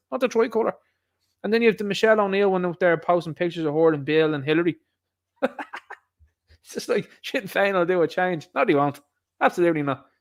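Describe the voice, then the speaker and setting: An Irish man ranting through a casual commentary, his voice sitting a touch higher than most men's. He talks in a sarcastic, mocking and exasperated way. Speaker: political commentator.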